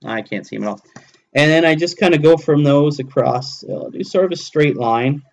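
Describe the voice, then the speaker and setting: A slightly high, expressive, gravelly male voice at a moderate pace. He's in his thirties, casually streaming from his hobby table at home and walking himself through each stage of the build as he crafts.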